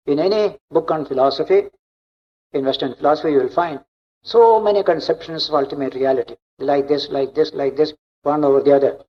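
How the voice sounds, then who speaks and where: Man lecturing, slightly high voice. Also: fairly quick. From India. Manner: explanatory, repetitive, emphatic. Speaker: monk giving a spiritual discourse. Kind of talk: spiritual lecture. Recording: dull lo-fi recording.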